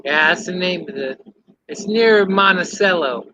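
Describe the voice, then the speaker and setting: A man's voice: high-pitched, unhurried, noisy background. A man from Illinois calling in to a casual stream, giving short offhand answers. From Illinois, USA. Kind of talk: casual call-in chat.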